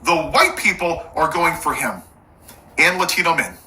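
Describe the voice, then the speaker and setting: A man's voice: on the high side, expressive, normal speed, sharp tone, slight background noise, poor audio. Sarcastic, fired-up male commentator. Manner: sarcastic, mocking asides; angry, emphatic listing. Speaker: political commentator. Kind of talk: impassioned political rant to camera.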